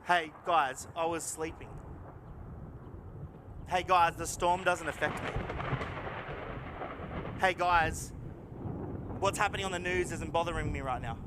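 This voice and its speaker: A male pastor playing Jesus, just woken from sleep and calmly telling people to rest, in a church hall. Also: on the high side, a little slow, long pauses, background noise, natural voice. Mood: reassuring. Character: calm sleeping Jesus, man, at peace.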